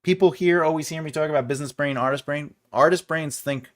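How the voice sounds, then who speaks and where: A man hosting a casual writing show, rambling with animated asides and quoted back-and-forth. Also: a little high, fast. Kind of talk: casual livestream chat.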